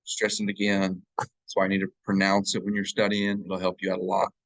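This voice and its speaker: A man with a lowish voice leads a live classroom grammar lesson, chanting verb forms one after another and checking in with a quick "right?" The sound is dry and close, with little room around it. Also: completely flat delivery, gravelly, a bit bright, no echo, poor audio. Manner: drills paradigms aloud, checking in with "right?". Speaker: Hebrew teacher. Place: church classroom. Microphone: live class recording.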